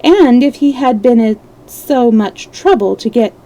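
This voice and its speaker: A woman storyteller reads a classic adventure novel aloud at a steady, measured pace with the odd small slip. Her voice is somewhat high, with a gravelly edge and a mellow tone. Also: rough recording. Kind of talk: reading a novel aloud on a live stream.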